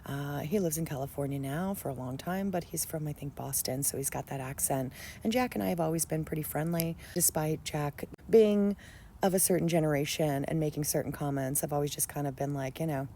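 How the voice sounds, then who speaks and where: A woman's voice: low-pitched, brisk, mellow, slight background noise. A woman telling a story straight to camera in a blunt, profane, sarcastic rant.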